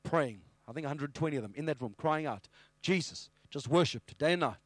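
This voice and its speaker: A man preaching a sermon with animated storytelling. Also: on the high side, fast talker, no echo. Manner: animated storytelling, acting out scenes.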